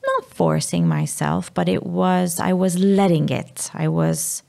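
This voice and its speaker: A Maltese woman in her thirties, speaking candidly as a podcast guest, halting and sometimes dropping to a whisper. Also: lowish voice, fairly even intonation, creaky, a little mellow. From Malta. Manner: halting, drops to a whisper at times. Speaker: guest, mother.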